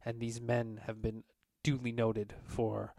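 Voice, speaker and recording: Formal army commander read by a man, measured delivery, average pitch, no room sound. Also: monotone, gravelly, warm tone, no room sound, studio quality. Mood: solemn. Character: gruff human army commander, formal and grateful.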